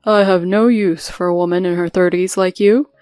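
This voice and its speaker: A woman's voice: fairly low pitch, steady tone, moderate pace, darkish tone, clean tone, no echo, clean studio sound, faint music behind, natural voice. A woman voicing a cold, callous husband who talks in a blunt, dismissive way.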